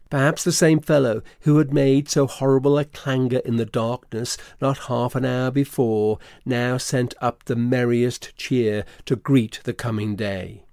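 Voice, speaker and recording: A man narrating a classic story for an audio drama in a measured, literary reading. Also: medium pitch, darkish tone, no echo, studio quality.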